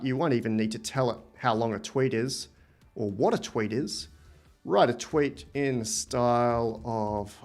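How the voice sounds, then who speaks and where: A man with an Australian accent hosting a live software demo, thinking aloud with enthusiasm as he types and explains. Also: mid-range voice. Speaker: livestream host.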